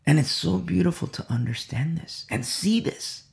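A man preaching a Bible sermon, repeating key phrases, asking "You see?" and swinging between loud emphasis and quiet asides. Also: a little high, lively intonation, moderate pace, creaky. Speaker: Bible teacher.

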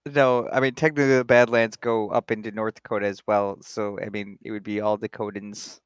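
A man's voice: fairly low pitch, little pitch movement, brisk, clean tone, no echo, clean studio sound. A man in casual podcast chat, joking around and laughing a lot with friends. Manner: jokey, laughs often.

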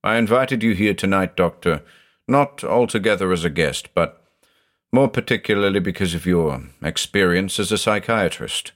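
A man's voice: low voice, normal speed, a bit bright. A man reading a haunted older judge who talks in an intense, growling, confessional way. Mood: grave. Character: haunted, obsessive older male judge, brooding.

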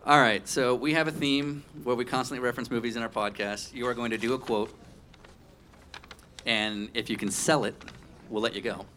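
A man's voice: medium pitch, steady tone, normal speed, bright, forceful tone, slight background noise. A man hosting a live podcast at a racetrack, quizzing the crowd and joking with guests. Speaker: podcast host. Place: outdoor live show at a racetrack.

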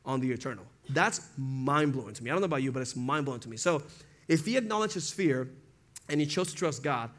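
A man's voice: mid-range voice, expressive, quick pace. A young man preaching a casual sermon, talking conversationally, acting out quotes and laughing often.

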